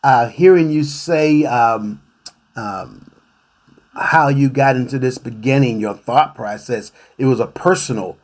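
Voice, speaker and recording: A man hosting a radio interview show, reflective and halting, searching for his words as he goes. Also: medium pitch. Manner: reflective, hesitant with many fillers and restarts.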